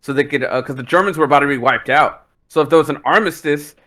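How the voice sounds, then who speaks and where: A man's voice: fairly high pitch, fast talker, bright, forceful tone. A man co-hosting a casual movie review podcast, rambling with restarts and acting out quotes. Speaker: podcast co-host.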